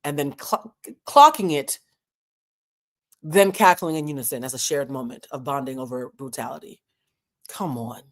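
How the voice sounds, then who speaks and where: A woman commenting on a reality show in a candid, emotional way, with dramatic pauses and moments of being moved. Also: very deep voice, expressive.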